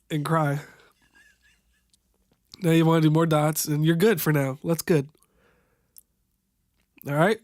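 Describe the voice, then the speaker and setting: A young man improvising a makeup tutorial voiceover, halting and stumbling over product names, wryly amused by what he sees. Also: a little high, dry recording, studio quality. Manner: wry, amused at the footage. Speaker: voiceover narrator.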